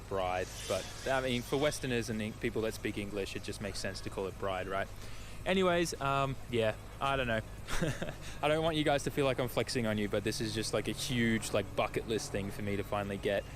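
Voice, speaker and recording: A man streaming to his viewers in a casual, rambling, upbeat way with many fillers, talking outdoors beside his parked car. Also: on the low side. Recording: outdoor noise behind the voice.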